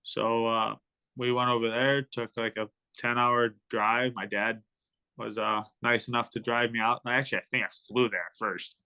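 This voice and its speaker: A man's voice: medium pitch, little pitch movement, moderate pace, sharp tone, smooth. A young man in his twenties, a professional hockey player, telling rambling stories in a casual podcast interview, full of ums and likes. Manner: rambling, filler-heavy storytelling.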